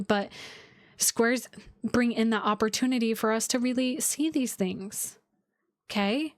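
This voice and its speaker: A woman's voice: on the high side, measured pace, long pauses, no echo, clean studio sound. A woman astrologer hosting a casual live stream, talking to her viewers in an effusive, heartfelt way, full of likes and restarts. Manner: talks with many likes and restarts.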